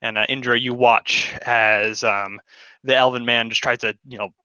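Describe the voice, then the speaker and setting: A man's voice: mid-range voice, steady tone, moderate pace, pushed and bright, clean tone, no room sound, highs cut off. A man narrating a tabletop game as game master, in a rambling way full of fillers.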